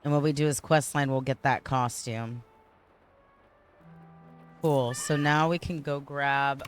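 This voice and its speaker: A man's voice: mid-range voice, fairly even intonation, slow pace, pauses often, clear, resonant tone, soft background music. A man casually chatting and rambling while he plays a game on a livestream, often correcting himself mid-sentence. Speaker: streamer. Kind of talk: casual gameplay livestream chat.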